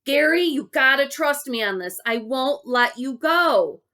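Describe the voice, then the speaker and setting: A woman's voice: high-pitched, animated, measured pace, pitched above the performer's own voice, full character voice. A woman voicing Dale, a boy calling out from the water and coaxing his friends to trust him. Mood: urgent coaxing. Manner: coaxing, shouting.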